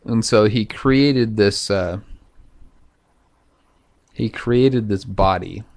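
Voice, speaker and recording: A man talking in a loose, profane, halting monologue full of fillers, vlogging to camera. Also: lowish voice, darkish tone. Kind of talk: casual rambling monologue.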